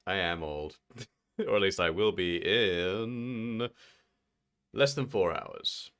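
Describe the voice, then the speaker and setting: A man's voice: low voice, slow pace, fairly bright tone, clean tone. A man in his thirties chatting playfully with viewers on a live game stream, laughing often. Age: 30s. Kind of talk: casual live-stream chat while gaming.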